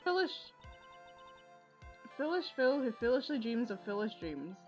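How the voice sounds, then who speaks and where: A woman's voice: fairly high pitch, sing-song, measured pace, faint music behind. A woman reading the lines of a haughty young female prosecutor in a video game, in a scornful, arrogant manner, with slightly dull lo-fi sound. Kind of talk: reading game dialogue aloud.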